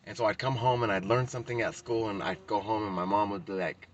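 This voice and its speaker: A man's voice: on the low side, fairly even intonation, quick pace, lo-fi sound. A young man who works as a hairstylist, telling a casual, profane story in a vlog with lots of fillers. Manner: casual and profane, with many likes. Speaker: hairstylist vlogger.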